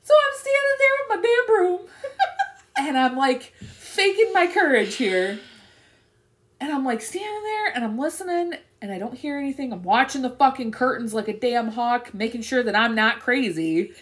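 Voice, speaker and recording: Female podcast co-host: a lively, higher-pitched storyteller who talks casually and swears freely. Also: normal speed, reverberant. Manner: animated, profane, laughing storyteller.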